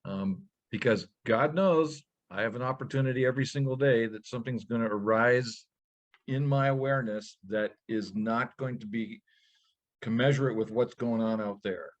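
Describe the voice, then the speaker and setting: A man co-hosting a show, speaking in a measured, thoughtful way. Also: medium pitch, lo-fi sound. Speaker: co-host. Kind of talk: reflective casual talk.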